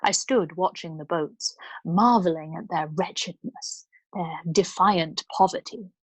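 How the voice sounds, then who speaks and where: A woman storyteller reading a novel aloud in a calm, measured way. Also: fairly low pitch, slightly rough, no room sound. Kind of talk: bedtime book reading.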